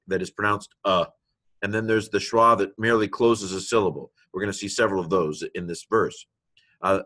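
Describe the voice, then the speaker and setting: A man's voice: fairly low pitch, pushed and bright. Man patiently sounding out lesson. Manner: patient, explains step by step, sounds out letters slowly. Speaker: teacher. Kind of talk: classroom lecture on reading Hebrew.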